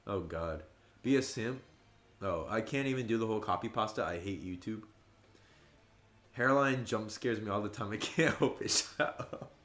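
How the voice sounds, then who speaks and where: A man in his twenties chatting casually on a gaming livestream, telling stories and jumping high and loud when he quotes his friends. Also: normal speed, pauses often. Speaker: streamer. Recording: roomy echo.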